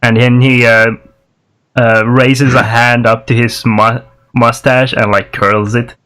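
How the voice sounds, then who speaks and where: A man's voice: medium pitch, flat delivery, slow, a bit bright. A man narrating a tabletop game as game master, easygoing and often laughing.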